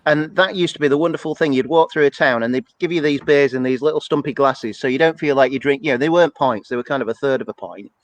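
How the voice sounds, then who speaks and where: A man's voice: medium pitch, fast talker, few pauses, dry recording, rough recording. Chatty, rambling man on a dry mic. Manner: chatty, rambling, self-deprecating. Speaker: church show co-host. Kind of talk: casual chat.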